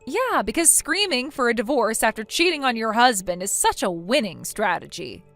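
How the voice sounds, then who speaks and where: A woman voicing a blunt female friend who lectures a cheater in a text story, in a somewhat high voice. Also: big pitch swings, normal speed, a bit bright, soft background music. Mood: stern.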